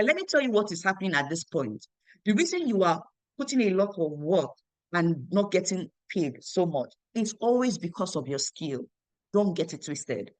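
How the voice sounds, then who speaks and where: Woman, young, low-pitched, dry close sound, animated storytelling, repeats herself. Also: dry recording. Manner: animated, repeats phrases, acts out quoted dialogue. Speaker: network marketing team leader. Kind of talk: motivational storytelling talk.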